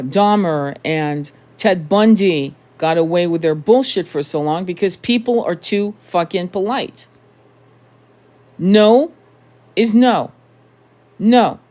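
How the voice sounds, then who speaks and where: A woman's voice: mid-range voice, mellow. Blunt, profane woman ranting to camera. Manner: blunt, profane and emphatic, with rhetorical questions. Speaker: tarot channel host. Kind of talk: impassioned direct-to-camera monologue.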